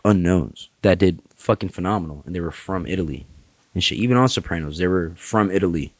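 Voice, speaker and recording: Brash, profane man, low voice. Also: a little fast, no room sound. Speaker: podcast guest, actor. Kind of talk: casual chat. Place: podcast studio.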